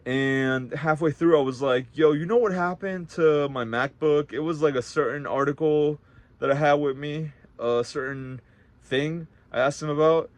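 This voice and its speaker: A young man telling a story in a casual vlog, swearing a lot and swinging between loud outbursts and quiet, reflective talk. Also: on the high side, moderate pace, no echo. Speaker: vlogger.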